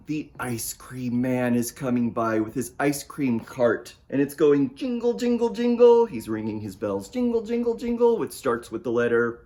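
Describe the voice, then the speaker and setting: A man reading his picture book aloud at storytime, playful and talking straight to young listeners. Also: mid-range voice. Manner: playful, talks to young listeners and asks them to join in. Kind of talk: storytime read-aloud for children.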